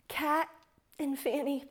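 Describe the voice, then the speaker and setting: A woman in her forties telling a personal testimony to an audience in an earnest, fervent storytelling manner. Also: high-pitched. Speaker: speaker sharing a testimony.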